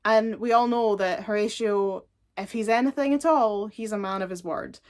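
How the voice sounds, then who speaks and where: A woman chatting casually as she reviews episodes of a TV show, animated and laughing often. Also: mid-range voice, normal speed. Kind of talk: casual chat.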